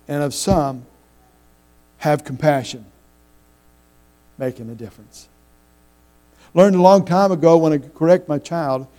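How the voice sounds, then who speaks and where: A middle-aged man preaching a sermon, telling folksy stories with halting restarts. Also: a little high, warm tone, low-quality recording. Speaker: pastor.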